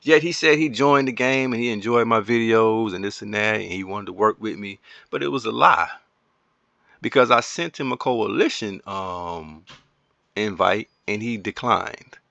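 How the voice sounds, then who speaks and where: A man recording commentary on a strategy game at home, excitable and rambling, talking straight to his viewers. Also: lowish voice, normal speed, vocal fry, dry recording, lo-fi sound.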